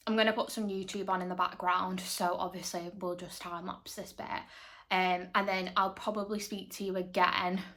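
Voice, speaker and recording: A woman's voice: mid-range voice, fairly bright tone. A young woman, an online fitness coach, chatting casually to camera at home in a rambling way that repeats itself. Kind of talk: casual vlog chat.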